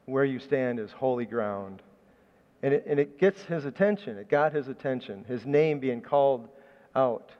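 A man's voice: medium pitch, long reverb tail, highs cut off. A man preaching a sermon in a conversational, storytelling way, often restarting his phrases. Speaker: pastor.

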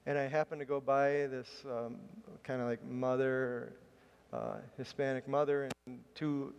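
A man of medium pitch preaches a sermon, telling a chatty, self-mocking personal story before turning to scripture. His voice carries a long reverb, as if heard in a church hall. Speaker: pastor.

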